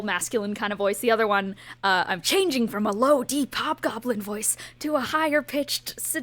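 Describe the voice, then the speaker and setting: A woman's voice: a little high, a bit bright. Chatty woman running a tabletop game. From Canada. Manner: chatty, laughs often between lines. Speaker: game master. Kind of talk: narrating a tabletop game recap.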